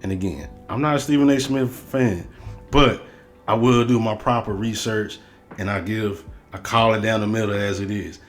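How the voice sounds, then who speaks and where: A man's voice: fairly low pitch, normal speed, soft background music. A man hosting a sports show, ranting in a heated, profane, repetitive way. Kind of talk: sports commentary rant.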